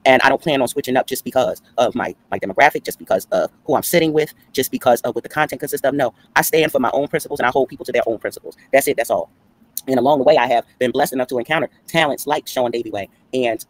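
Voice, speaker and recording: Fast-talking blunt streamer, man. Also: on the high side, no echo. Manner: blunt and profane, talks straight to his chat. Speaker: commentary channel host. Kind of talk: casual live-stream commentary. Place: upstairs room at home. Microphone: old phone.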